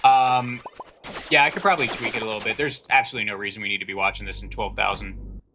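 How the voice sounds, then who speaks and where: A man's voice: fairly low pitch, fairly even intonation, fast, background noise. A man livestreaming in casual chat, reading viewer comments aloud and answering them with dry jokes.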